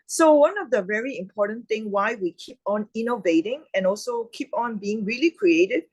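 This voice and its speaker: A woman hosting an online club meeting over a video call, chatty and quick to laugh. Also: on the high side, animated, darkish tone, slightly rough, dry recording, low-quality recording. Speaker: meeting host.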